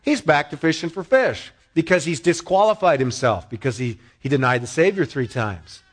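A man with a somewhat high voice delivers a sermon like a conversation with his congregation. He asks them questions and gets lively when he retells a story. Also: normal speed. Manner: conversational preaching with rhetorical questions. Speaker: pastor.

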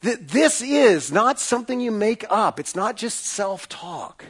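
A man's voice: high voice, big pitch swings, measured pace, slightly rough. A middle-aged man preaching a sermon as a pastor, in an emphatic, repetitive preaching cadence.

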